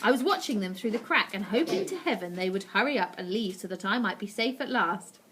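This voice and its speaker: A woman teacher reading a children's story aloud, expressive and animated. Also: mid-range voice, fairly quick, noisy background.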